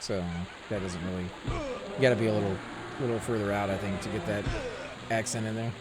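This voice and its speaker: A man's voice: fairly low pitch, steady tone, fairly quick. Chatty man in noisy game chat. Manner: chatty and joking, with fillers. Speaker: gamer and channel host. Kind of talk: casual chat.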